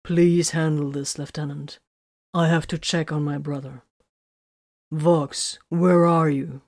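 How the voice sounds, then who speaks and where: A woman voicing a steady, dutiful male sergeant who speaks calmly and plainly in an audiobook. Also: low voice, slow pace, no room sound, clean studio sound, full character voice.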